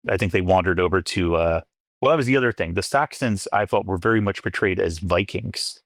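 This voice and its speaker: A man's voice: deep voice, a little fast, no echo, studio quality. A man, an archaeologist guest on a podcast, chatting casually and hedging his points with many fillers.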